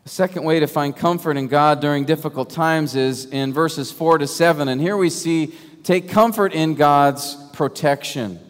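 A man preaching a sermon, emphatic and full of rhetorical questions, sometimes dropping to a hush. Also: fairly high pitch, moderate pace. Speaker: pastor. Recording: long hall reverb.

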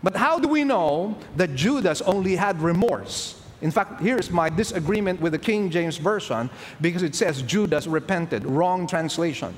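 A man's voice: high voice, animated, moderate pace, few pauses. A man preaching a sermon to a congregation, asking rhetorical questions and then answering them himself. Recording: long hall reverb with faint ambient noise.

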